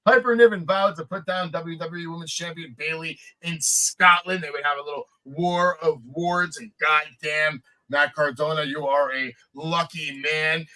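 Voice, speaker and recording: Guy hosting a wrestling podcast, high bright voice, runs through results with energy. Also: moderate pace, few pauses, rough recording. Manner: energetic, recapping news. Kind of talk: casual podcast chat.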